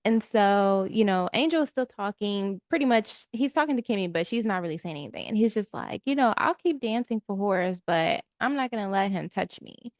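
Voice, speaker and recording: A woman co-hosting a podcast, recapping a show in a relaxed, chatty way. She keeps jumping into the characters' lines with little put-on voices. The recording is close and dry, with no room sound. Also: medium pitch, dry recording. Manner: animated retelling, acts out characters' lines in quick asides. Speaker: podcast co-host. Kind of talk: casual recap of a TV episode.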